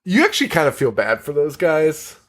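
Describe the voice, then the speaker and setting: A man's voice: on the high side, wildly swooping pitch, a little fast. A man hosting a podcast, recapping a horror film in casual chat, rambling, swearing and laughing often. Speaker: podcast host.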